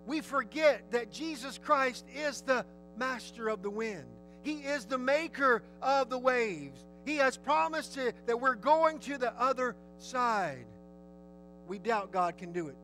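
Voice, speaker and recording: A man's voice: very high-pitched, measured pace, soft background music, rough recording. A man preaching a sermon, telling the story vividly and asking his listeners questions. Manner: lively, storytelling, asks the audience questions.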